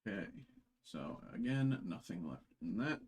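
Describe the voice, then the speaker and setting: Low, sing-song and unhurried, his voice sounds a little mellow and slightly rough. He opens packs during a live card break, chatting loosely with constant fillers and restarts, and makes fun of himself along the way.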